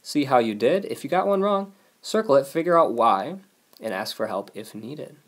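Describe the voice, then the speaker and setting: Male teacher, mid-pitched voice, patient explainer for a recorded video lesson. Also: expressive, normal speed. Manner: patient, explanatory, reads example sentences aloud. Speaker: language teacher.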